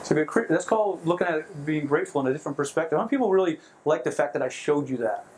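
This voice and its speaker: A man leading a motivational seminar in front of a live audience, excitable and quick to laugh at his own jokes. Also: fairly high pitch, noisy background. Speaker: seminar trainer.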